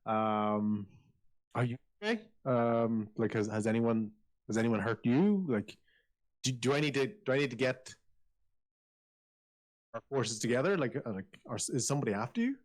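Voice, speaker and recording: A man voicing a worried, kindly father who talks gently and stammers as he hesitates. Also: medium pitch, expressive, normal speed, long pauses, lightly acted. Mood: concerned.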